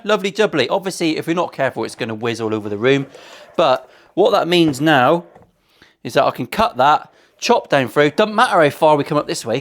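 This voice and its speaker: A man's voice: on the high side, fairly bright tone. A man building a guitar in his workshop, talking casually to camera with cheeky banter, plenty of swearing and jokey asides. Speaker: luthier.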